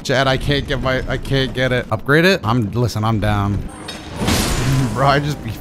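A man giving excitable, profane let's play commentary, bursting into yelps and laughter as he plays. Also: mid-range voice, measured pace, over music. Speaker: gaming video creator.

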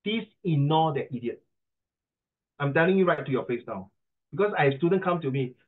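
Over a tinny video call, a Singaporean English pronunciation tutor coaches an online class. His voice is fairly high, animated and brisk, with long pauses. He's chatty and teasing and mixes in Mandarin.

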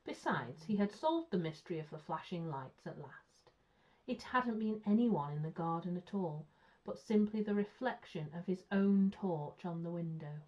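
A woman teacher reading a children's story aloud with clear, expressive storytelling. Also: fairly low pitch, normal speed. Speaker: primary school teacher. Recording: muffled lo-fi sound.

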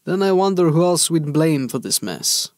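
A man's voice: fairly high pitch, very animated, normal speed, a little mellow, dry recording, clean studio sound. A man playing a weary, skeptical male commander who speaks plainly and tersely.

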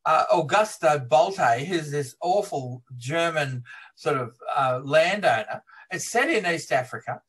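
A man being interviewed as a film historian, retelling film scenes in a lively way and laughing as he talks. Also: fairly high pitch, slightly rough. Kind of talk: animated interview storytelling.

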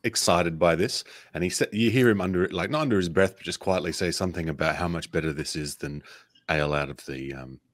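A man playing a tabletop game, talking hesitantly with many pauses. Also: low-pitched, dry recording, studio quality. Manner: hesitant, many ums, gentle. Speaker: player. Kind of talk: casual role-play.

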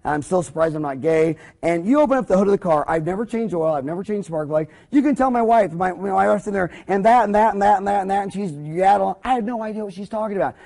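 A man's voice: sits high, fast talker, gravelly, hardly any pauses. A man giving a business lecture for dentists, rambling through jokes and anecdotes. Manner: animated, joking, rambling storyteller. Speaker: dental practice lecturer.

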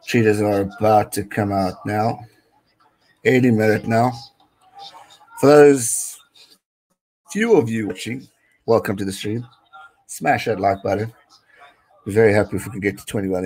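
A man's voice: fairly low pitch, fairly even intonation, moderate pace, long pauses, a little mellow, husky, low-quality recording. A young South African man with a South African accent, hosting a casual live stream, giving chatty rugby commentary, reading viewer comments, and dropping Afrikaans phrases.

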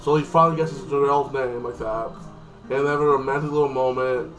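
A man rambles through a casual recap of a TV episode, stacking fillers and restarting his sentences. His voice sits back from the microphone. Loud music plays under him the whole time. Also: medium pitch, steady tone, brisk. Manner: rambling, filler-heavy, lots of "like". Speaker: TV episode reviewer. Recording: distant mic with loud music.

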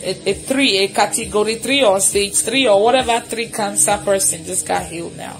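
A woman's voice: medium pitch, moderate pace, soft background music. A woman leading a live deliverance prayer, repeating commanding declarations fervently and laughing between them. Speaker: prayer minister.

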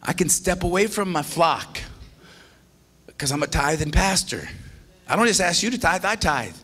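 Animated male pastor preaching a sermon. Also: on the high side, moderate pace. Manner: swings from loud exclamations to hushed confession; repeats and restarts phrases.

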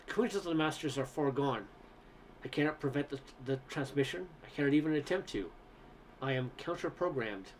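A man reading aloud as a tall alien scout, weary and dispassionate, who speaks slowly and evenly in a slightly raised voice. Every word comes out measured and grave. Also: a little high, slight background noise, natural voice. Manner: slow, measured and flat.

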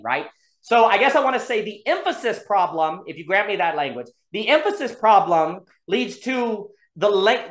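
A host of an online discussion works through an idea out loud, hedging at every turn and circling back in fast repeated loops. The voice sits at a middle pitch. The call audio has a roomy echo around it. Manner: thinks aloud, hedges often, builds ideas in rapid repetitive loops. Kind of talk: casual philosophical discussion online. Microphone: video call.

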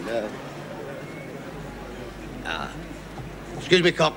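A man's voice: medium pitch, wildly swooping pitch, very slow, gravelly, over a noisy crowd, heavy background noise, exaggerated voice. An actor playing a brash, boastful middle-aged Englishman in a sitcom. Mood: blustering. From England. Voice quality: blustering and boastful. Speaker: sitcom character, a boisterous English visitor. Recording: 1970s TV sitcom with audience laughter.

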